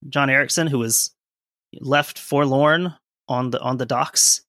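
On a casual history podcast, a co-host with a bright, forceful voice talks through events, breaking off for asides while reading from sources. He takes it slowly with medium pitch and fairly even intonation, recorded close and dry with no echo.

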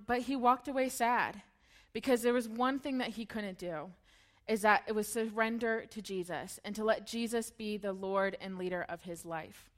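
A woman's voice: a little high, a bit bright. A young woman giving a casual, playful sermon, retelling a story in slangy voices and laughing often.

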